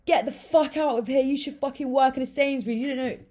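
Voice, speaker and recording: A woman voicing an angry, easily offended older male jeweler, shouting indignantly. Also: sits high, fast, pitched above the performer's own voice. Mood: enraged.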